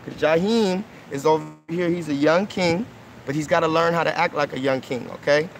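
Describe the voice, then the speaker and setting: A man in his thirties hosts a live stream outdoors by a pool, speaking into a phone and chatting casually with kids. His voice is on the high side at normal speed, and his earnest, coaxing manner keeps checking in with "okay?" and "right?" over slight background noise.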